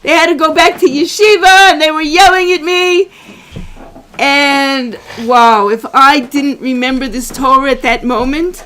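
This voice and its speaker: A woman's voice: high-pitched, measured pace. A middle-aged woman, a rebbetzin, giving a heartfelt religious class to a small room, emotional and fond of repeating her phrases. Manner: emotional, repeats phrases, warmly greets arrivals.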